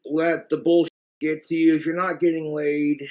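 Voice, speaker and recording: A man's voice: on the high side, little pitch movement, normal speed, a little mellow. A man with an American accent giving blunt, crude, rambling relationship advice in a casual monologue to the camera.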